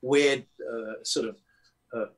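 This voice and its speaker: A man's voice: mid-range voice, fairly even intonation, slow pace. A man, a record producer, telling studio anecdotes in a casual interview, with loose fillers and restarts. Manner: anecdotal, acts out quotes, many fillers and restarts.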